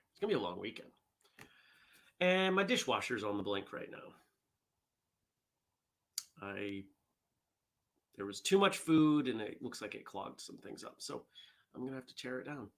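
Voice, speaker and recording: A man's voice: mid-range voice, animated, moderate pace, long pauses, a bit bright. A man hosting a casual live morning vlog show, chatting with viewers and reading their comments and jokes aloud. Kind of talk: casual live-stream chat.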